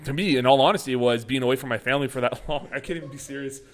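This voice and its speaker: A man's voice: mid-range voice, racing. A young man hosting a podcast in casual chat, swearing and laughing a lot as he tells stories. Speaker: podcast host.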